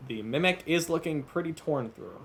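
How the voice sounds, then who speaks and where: A man's voice: a little high, expressive, moderate pace, soft background music. A man serving as game master, narrating combat and patiently explaining rules between filler uhs. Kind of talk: narrating and refereeing a tabletop game.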